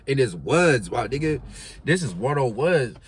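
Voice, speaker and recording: A man's voice: mid-range voice, measured pace, slight background noise. A young man casually telling a story in heavy slang, acting out the voices of the people in it. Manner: animated slangy storytelling, acts out quotes.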